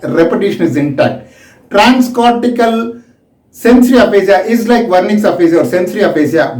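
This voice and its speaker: A man with a highish voice lectures on medicine slowly and carefully, explaining points and acting out examples. The recorded lecture sounds distant in an echoey room.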